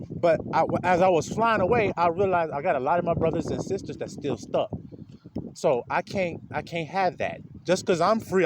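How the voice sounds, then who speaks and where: A man's voice: fairly high pitch, background noise. A man giving an informal, blunt spiritual talk, laughing often as he preaches. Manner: animated, laughing, streetwise and blunt. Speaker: spiritual speaker.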